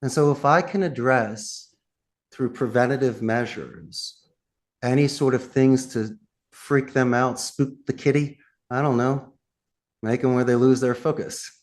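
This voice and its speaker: Punchy, animated male business coach. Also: medium pitch, measured pace. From United States. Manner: punchy coaching talk full of rhetorical questions. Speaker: guest, telemarketing trainer. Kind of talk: podcast interview.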